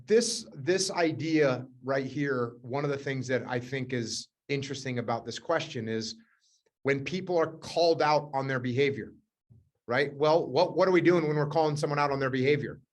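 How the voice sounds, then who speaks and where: A man's voice: medium pitch, moderate pace. A man hosting a live leadership coaching session, telling stories in a direct, emphatic way and repeating key words.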